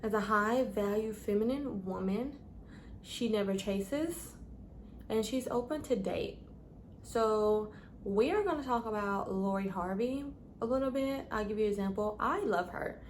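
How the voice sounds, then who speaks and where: A woman's voice: medium pitch, measured pace, a little hiss or hum. Chatty woman vlogger giving advice. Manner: chatty, calls listeners "babes", stumbles over words. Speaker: lifestyle vlogger. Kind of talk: casual advice vlog.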